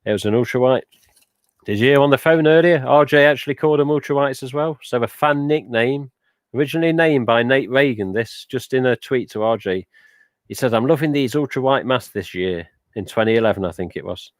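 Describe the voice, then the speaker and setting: A man's voice: medium pitch, a little fast, dry recording. A man hosting a casual live stream, rambling chattily with lots of "uh" and "but yeah" as he reads out viewer comments. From England.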